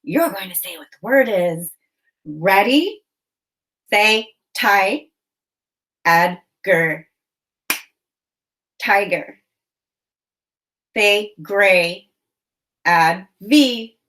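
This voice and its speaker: Slow, encouraging woman teaching phonics. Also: lowish voice, a bit bright, rough recording. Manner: slow, clear, encouraging prompts. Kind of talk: phonics lesson for children.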